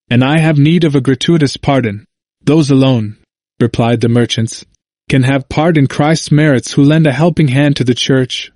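A man reading a historical narrative aloud in a steady, measured way. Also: mid-range voice, no room sound, studio quality. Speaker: audiobook reader. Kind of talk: scripted narration.

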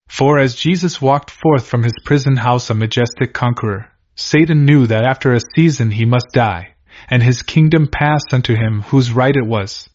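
A male narrator reads a religious book aloud in scripted audiobook style. His voice sits at an ordinary middle pitch and moves at a steady, measured pace. The recording sounds muffled and lo-fi. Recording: dull lo-fi recording.

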